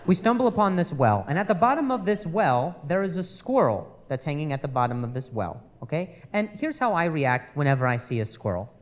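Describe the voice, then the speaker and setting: A male stand-up comedian telling an exasperated story on stage, animated and stammering over repeated words, into a handheld mic. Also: on the high side, a little fast, hardly any pauses, long reverb tail.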